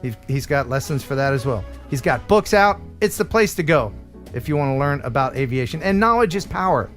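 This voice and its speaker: A man's voice: mid-range voice, lively intonation, a little fast, a bit bright, soft background music. A man from the United States hosting a casual livestream, chatting, joking and reading sponsor spots with enthusiasm. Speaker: livestream host.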